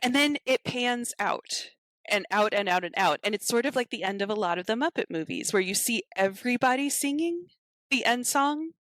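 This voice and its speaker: Animated woman retelling a story, dry sound. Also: mid-range voice, fairly quick, dry recording. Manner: animated storyteller who acts out quotes. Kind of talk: casual podcast chat retelling a film.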